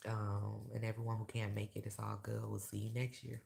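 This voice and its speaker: A woman talking candidly to her viewers in a casual vlog, emotional and blunt, swearing freely and working herself up into loud rants. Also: very deep voice, level tone, fairly quick, vocal fry. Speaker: vlogger and awards show host. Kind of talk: casual direct-to-camera vlog.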